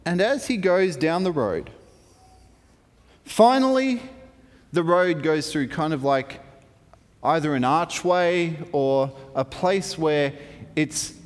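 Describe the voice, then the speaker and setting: A man preaches through a Bible story, playful and animated, with humorous asides. His voice sits high and swings widely. A long reverb rings around him in a large hall. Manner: lively, playful, with asides and chuckles.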